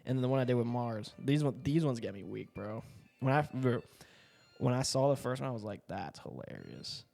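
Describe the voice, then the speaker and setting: A man's voice: mid-range voice, a little fast, vocal fry, dark tone, long reverb tail, faint music behind. A man in his twenties from Puerto Rico, a content creator talking in a casual, rambling monologue full of slang, swearing and fillers. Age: 20s.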